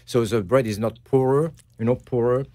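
A middle-aged man with a French accent, a bakery owner chatting as a guest, who pauses often to search for English words. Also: medium pitch, fairly even intonation, warm tone, no echo. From France. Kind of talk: casual interview chat.

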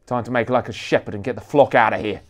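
A big, harsh-voiced bodyguard who growls his words, as a man reading aloud puts him on. He stays gruff and dry, never fazed. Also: mid-range voice, fairly even intonation, normal speed, darkish tone, natural voice. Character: gruff hulking male bodyguard, dry humor.

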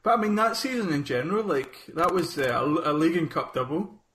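A man from Scotland co-hosting a casual podcast chat, talking in halting bursts with many restarts. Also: a little high, lively intonation, a crowd in the background. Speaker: podcast co-host. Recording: roomy echo.

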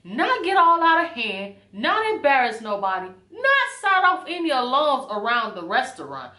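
Animated woman ranting in an echoey room. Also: high-pitched, moderate pace. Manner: animated, indignant storytelling with a few whispered bits. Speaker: vlogger. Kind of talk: storytime rant.

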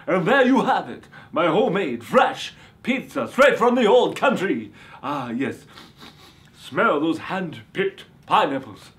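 A man's voice: a little high, very animated, slow pace, exaggerated voice. A man voicing a campy male vampire who calls himself a reformed beach boy, speaking in a hammy, theatrical manner. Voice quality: theatrical, sudden shouts. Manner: hammy, boastful. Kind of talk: comedy sketch.

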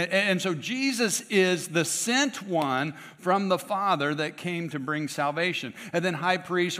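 A pastor delivers a conversational sermon in a church sanctuary, his voice a little high and fairly bright. He often restarts and tosses asides to the congregation, and the recording carries long church reverb.

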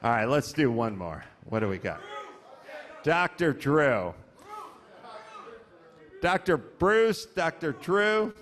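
A middle-aged American man hosts a live comedy podcast on a comedy club stage before an audience, ranting profanely and exasperatedly through stories and mocking people in put-on voices. His fairly high, fairly bright voice is sing-song and slow, with frequent pauses.

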